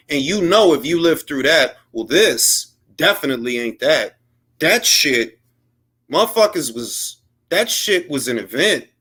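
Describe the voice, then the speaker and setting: A man with a slightly high voice delivers blunt solo commentary in casual, slangy talk. He sounds heated and opinionated, and now and then mocks others by putting on their voices in quotes. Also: sharp tone. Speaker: boxing commentary host.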